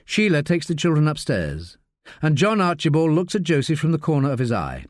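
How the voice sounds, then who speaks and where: A man narrating an audiobook in an expressive, measured storytelling manner. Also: on the high side, no echo, studio quality.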